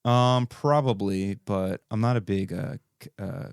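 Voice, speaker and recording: A man's voice: lowish voice, unhurried, smooth, dry recording, studio quality. A man co-hosting a podcast in laid-back casual chat, calling people dude and bro. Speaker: podcast co-host.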